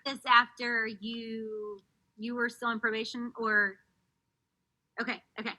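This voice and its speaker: Bright-voiced woman interviewer. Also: fairly high pitch, flat delivery, unhurried, poor audio. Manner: brief encouraging interjections.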